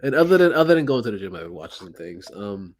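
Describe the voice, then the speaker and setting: A young man co-hosting a podcast, laid-back and swearing freely, chiming in with quick agreement. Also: lowish voice, sing-song. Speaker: podcast co-host. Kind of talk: casual chat.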